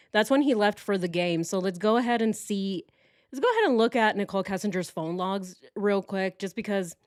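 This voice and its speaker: A woman's voice: medium pitch, no room sound, clean studio sound. A woman giving casual true crime reaction commentary, incredulous and laughing often.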